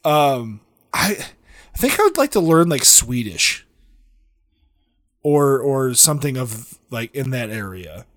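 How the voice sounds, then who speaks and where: Man, casual chat, rambling and jokey, lots of fillers, mid pitch, dry close sound. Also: sing-song, slow, pauses often, a bit bright, dry recording.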